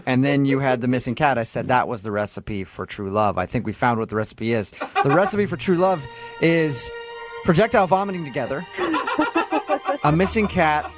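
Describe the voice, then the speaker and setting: A man's voice: medium pitch, animated, moderate pace, soft background music. A man hosting a morning radio show, chatting and laughing often as he recaps a dating story.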